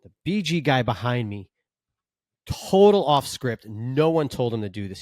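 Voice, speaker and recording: A man's voice: medium pitch, normal speed, dry recording. A male stunt performer co-hosting a chat podcast, dropping into voices for each person in his stories and cursing casually. His voice sits in an ordinary middle register. He is recorded dry and close, with no room sound. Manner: animated storyteller acting out quotes, swears freely.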